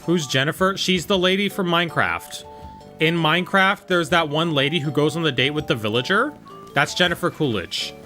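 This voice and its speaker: A male streamer chatting casually while he plays, joking and rambling in quick asides to his viewers. His voice is bright and sits a little high for a man. Faint music plays underneath. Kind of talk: casual livestream chat while gaming.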